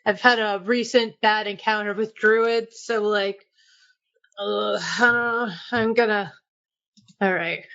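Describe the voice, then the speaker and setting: A woman's voice: mid-range voice, fairly even intonation, measured pace, fairly bright tone, dull audio. A woman player in a tabletop game, speaking hesitantly in character. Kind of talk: in-character roleplay.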